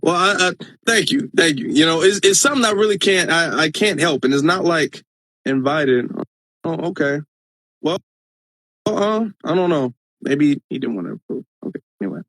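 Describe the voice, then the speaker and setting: Hosting a laid-back livestream from his phone, a Midwestern US man speaks at a moderate pace in a fairly high-pitched, fairly bright voice. He drives his points home with emphasis and repetition.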